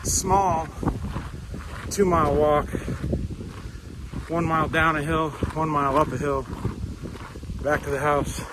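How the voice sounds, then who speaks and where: A man's voice: a little high, steady tone, takes it slowly, long pauses, background noise. Upbeat man vlogging outdoors. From New Hampshire, USA. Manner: upbeat, repetitive, laughs often. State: out of breath while walking uphill. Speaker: hiking vlogger. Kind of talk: casual outdoor vlog. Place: outdoors on hilly rural roads and hilltops. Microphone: handheld phone camera.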